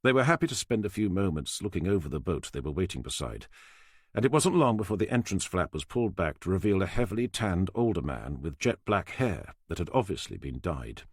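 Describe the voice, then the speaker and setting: A man narrating a crime thriller audiobook in a measured, expressive storytelling way. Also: low-pitched, breathy edge, dry recording, clean studio sound. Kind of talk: scripted narration.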